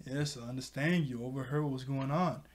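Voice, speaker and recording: A man voicing an ancient male sorcerer trapped in a book, soft and coaxing. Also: mid-range voice, fairly quick, lightly acted.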